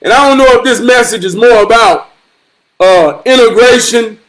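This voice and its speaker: A man telling a family story in a profane, animated storytelling vlog, swearing freely. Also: very high voice, moderate pace, poor audio. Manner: animated, swearing freely, repeating himself for emphasis. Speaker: vlogger.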